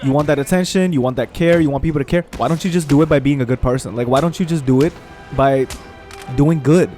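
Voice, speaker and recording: A man's voice: a little high, fast, soft background music. Profane ranting young man gamer. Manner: profane, animated ranting with mocking voices. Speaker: gaming streamer. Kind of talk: casual gameplay commentary rant.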